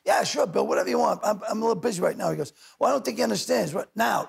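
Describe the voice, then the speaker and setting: An older man, a talk show guest telling loud rapid anecdotes and acting out other people's lines. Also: high voice, expressive, gravelly, husky. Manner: loud rapid storyteller, doing voices of others. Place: TV studio with audience.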